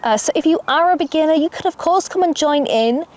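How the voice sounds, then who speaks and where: High-voiced woman guiding a yoga class. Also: animated, fast, a little mellow. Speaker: yoga instructor. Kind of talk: guided yoga class instruction. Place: outdoors, birds audible. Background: faint outdoor ambience with birdsong.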